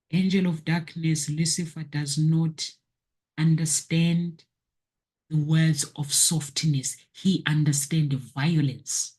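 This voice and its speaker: A woman's voice: low voice, fairly even intonation, slow, darkish tone, slightly rough. A woman vlogger giving a personal spiritual testimony in an earnest, preachy manner, often repeating phrases for emphasis. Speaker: motivational vlogger.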